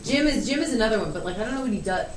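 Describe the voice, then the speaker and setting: A woman's voice: a little high, expressive, very fast, a loud crowd. A young woman telling family stories in casual chat, rambling with lots of "like"s and laughing often. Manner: chatty storyteller, many "like"s and restarts, laughing often. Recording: echoey room, far from mic, noisy.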